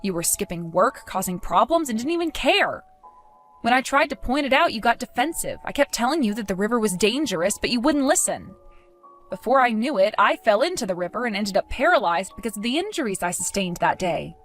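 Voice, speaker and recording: Calm, coldly accusing woman. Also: on the high side, brisk, soft background music. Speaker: wronged fiancée telling her side. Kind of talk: dramatized story dialogue.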